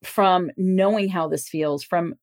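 A woman's voice: lowish voice, slow pace. Candid woman podcast host, casual swearing. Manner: candid, self-disclosing, casually profane. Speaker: podcast host and relationship coach. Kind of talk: casual solo podcast talk.

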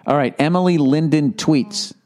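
Guy hosting a podcast, swears a lot, animated fake outrage, loose chatty rambling. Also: on the high side, normal speed. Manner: profane, animated, mock-outraged. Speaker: podcast host. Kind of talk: casual ranting podcast chat.

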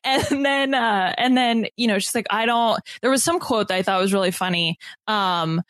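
A woman's voice: mid-range voice, moderate pace, few pauses, no room sound. A woman co-hosting a podcast, chatting casually and laughing often as she recaps a reality show. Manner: giggly, animated storytelling. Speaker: podcast co-host.

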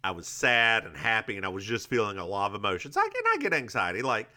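A man's voice: on the low side, wildly swooping pitch, fast talker, sharp tone. A man co-hosting a podcast, chatting casually and telling stories with acted-out quotes. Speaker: podcast co-host. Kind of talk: casual chat recapping a TV episode.

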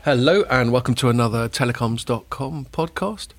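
A man's voice: mid-range voice, lively intonation, normal speed. A middle-aged man hosting a podcast in casual, jokey chat. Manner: jokey, laughs often. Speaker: podcast host.

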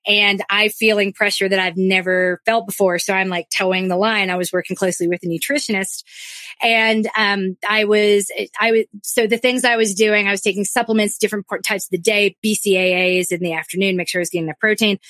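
Woman telling a lively anecdote, dry sound. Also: medium pitch, dry recording. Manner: lively anecdotal, quick with many restarts. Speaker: podcast co-host. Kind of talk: casual storytelling chat.

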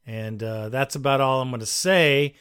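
A man's voice: medium pitch, moderate pace, a bit bright, clear, resonant tone. A man hosting a sports radio call-in show, talking casually and calling listeners brother. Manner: casual, chummy, addresses callers as brother. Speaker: radio host.

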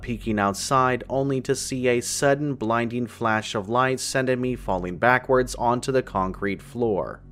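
A man telling a first-person horror story in a steady, measured way. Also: mid-range voice. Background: faint music.

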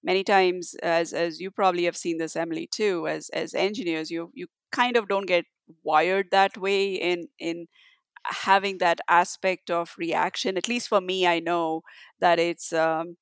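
Smooth-voiced woman, halting and thoughtful. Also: on the low side, fairly even intonation, dry recording, clean studio sound. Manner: halting, many restarts and fillers. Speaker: guest, tech leader. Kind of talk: conversational interview answer.

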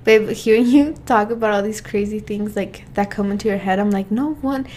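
A young woman co-hosting a casual podcast, blunt and quick to laugh. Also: medium pitch, steady tone, darkish tone, slight background noise. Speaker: podcast co-host.

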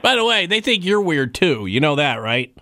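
A man's voice: fairly high pitch, very animated, moderate pace, bright, forceful tone. A man hosting a radio call-in show, with wry, offhand casual banter. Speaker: radio talk show host.

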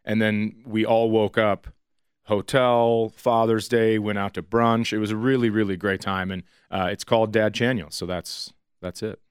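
A man's voice: lowish voice, little pitch movement, normal speed, smooth, dry recording. A man in his forties from northern Minnesota, a comedian chatting casually in an interview and telling stories in a dry, understated way. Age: 40s. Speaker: stand-up comedian.

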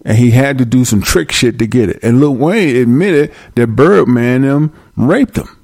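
A man hosting a talk show, ranting in a loud, profane, mocking comedic style. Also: medium pitch, lively intonation, moderate pace, no room sound. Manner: loud, profane, mocking, uses preacher-like call-outs. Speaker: show host.

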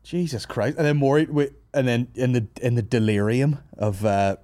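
Speaking at a moderate pace with a medium-pitched, dark-toned voice, this thirtysomething Northern Irish podcast host spins a long comedic yarn full of swearing and his own laughter. He's in a studio office, and the audio carries no room sound.

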